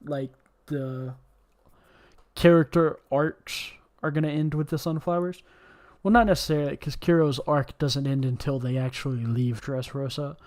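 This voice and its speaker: A man's voice: fairly high pitch, fairly even intonation, normal speed, a little mellow. A man hosting a casual podcast chat, rambling with lots of fillers and swearing. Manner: rambling, heavy on fillers and profanity. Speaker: podcast host.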